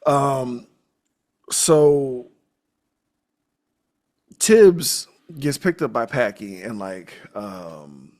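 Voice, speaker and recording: Male podcast host, lively swinging delivery, loose and profane recap style. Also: mid-range voice, drawn-out words, pauses often. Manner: animated, profane, recaps with acted-out quotes. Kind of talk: casual movie recap chat.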